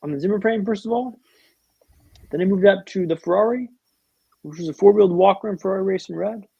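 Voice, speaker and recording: Male interview guest, raised pitch, gravelly, dramatic storyteller with a humorous streak, dull lo-fi line. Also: fairly quick, dark tone, no echo. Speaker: podcast guest.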